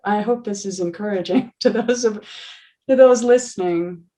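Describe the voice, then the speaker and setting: Speaking at normal speed with a medium-pitched voice, a woman in her forties who teaches yoga recounts an earnest story on a video call. She's animated, laughs along the way, and often restarts her sentences.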